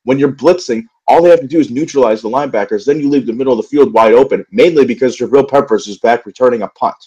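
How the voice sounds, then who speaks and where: A young man speaks quickly in a medium-pitched, mellow, husky voice, captured with lo-fi sound. In a solo football recap vlog, this sports vlogger rants angrily and profanely, rambling with lots of fillers and restarts.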